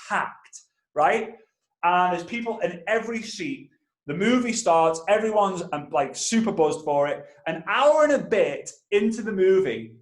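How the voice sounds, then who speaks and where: A man's voice: high-pitched, roomy sound. A man in his thirties, a network marketing trainer telling a story and talking straight to his listeners. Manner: animated, addresses listeners directly. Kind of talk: energetic storytelling talk.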